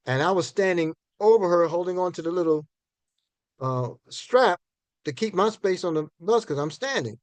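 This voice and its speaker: High-voiced older man telling folksy stories. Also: animated, normal speed, dry recording. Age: 60s. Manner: folksy and conversational, repeats and restarts words. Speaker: minister giving a finance talk. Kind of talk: storytelling lecture to an audience.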